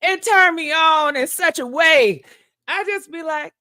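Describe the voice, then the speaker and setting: A woman's voice: high voice, slow, sharp tone, dry recording, clean studio sound. A woman host in casual live-stream chat, sassy and laughing often, drawing out her words.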